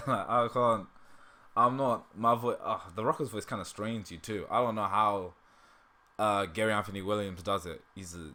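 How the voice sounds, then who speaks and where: A man's voice: lowish voice, moderate pace, sharp tone. A man hosting a livestream in casual, rambling chat, laughing often and breaking off mid-sentence, with a sore throat. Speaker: livestream host.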